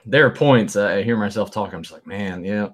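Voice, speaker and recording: A man's voice: lowish voice, a little fast. A man with a Southern US accent, hosting a casual podcast chat and laughing easily at his own jokes. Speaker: podcast host.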